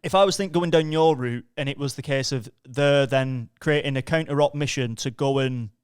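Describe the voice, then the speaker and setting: A man's voice: medium pitch, normal speed, smooth, dry recording, clean studio sound. A man on a comedy podcast, raising practical questions about an improvised story.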